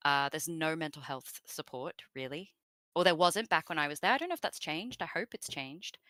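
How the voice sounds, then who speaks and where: An Australian woman chats freely as an interview guest, wandering through her thoughts with plenty of asides. Her voice is bright and smooth, sitting a little low. The mic is close and dry. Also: lively intonation, moderate pace, no room sound. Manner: chatty and rambling, with many fillers and asides. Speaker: voice actress guest. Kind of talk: casual interview chat.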